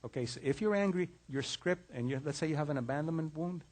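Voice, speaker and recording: A man's voice: on the high side, quick pace, a little mellow. A middle-aged man giving a conversational lecture on relationships, often repeating words and restarting phrases as he tells case stories. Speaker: lecturer on mind-body health.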